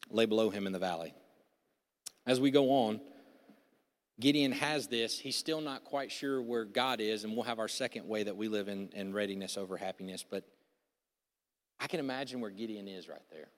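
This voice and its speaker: A man preaching a sermon, telling a Bible story in animated, casual slang and acting out its voices. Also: lowish voice, normal speed. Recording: long reverb of a large hall.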